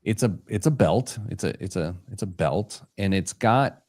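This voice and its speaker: Male podcast host, low animated voice, self-mocking banter, stumbles over words. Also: moderate pace. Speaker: show host.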